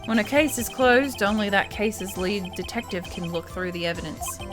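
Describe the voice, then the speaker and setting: A stubborn, weary male cop, voiced by an Australian woman reading game text in a grim, deliberate way. Game music plays clearly behind. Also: medium pitch, lightly acted. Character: male police officer confessing, weary and stubborn.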